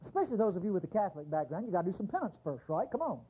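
A man preaches a sermon, conversational and animated, his pitch swooping widely as he acts out quick little voices. His tone is husky and a bit breathy. The recording sounds dull and lo-fi. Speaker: pastor.

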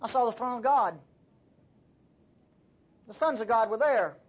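A man voicing a blunt prophet who speaks in a casual, slangy, husky way. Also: lively intonation, measured pace, lo-fi sound, heavily acted. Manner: casual, slangy, low-key. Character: blunt, unflinching male prophet.

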